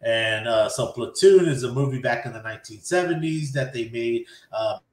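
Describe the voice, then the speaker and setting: A man in the middle pitch range recaps an anime episode on a podcast, with loose, chatty delivery. He acts out the characters' lines along the way. The room has a noticeable echo. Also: normal speed, a little hiss or hum. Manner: animated retelling, acting out character lines. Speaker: podcast host.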